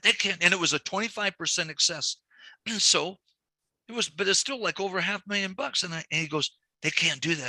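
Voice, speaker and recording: A man's voice: on the high side, no room sound. A man teaching a banking class, walking through numbers step by step and telling stories with quoted dialogue. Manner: animated storytelling with quoted dialogue. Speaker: banking instructor. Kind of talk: recorded training lecture.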